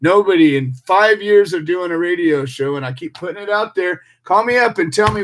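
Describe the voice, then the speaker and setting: An American man hosts a radio show and delivers an impassioned monologue. He talks in a fiery, preachy way, stacking rhetorical questions and repeating himself for emphasis. His voice sits a bit high for a man. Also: animated, a little fast, fairly bright tone, a little hiss or hum.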